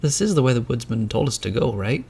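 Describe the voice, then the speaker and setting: A man's voice: medium pitch, big pitch swings, fast, creaky, dark tone, husky, heavily acted. A man doing a fretful, anxious teenage boy. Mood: worried. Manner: nervous and fretful. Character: anxious, fussy teenage boy, worried and irritable.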